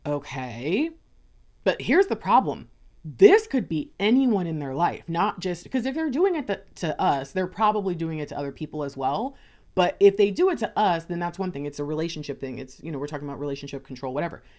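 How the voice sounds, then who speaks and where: A woman with a lowish voice that swings widely in pitch, chatting through a tarot reading. She talks loosely and playfully, slipping into little voices to act out how people text and talk. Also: very animated, a little fast, darkish tone. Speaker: tarot reader. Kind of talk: casual tarot card reading.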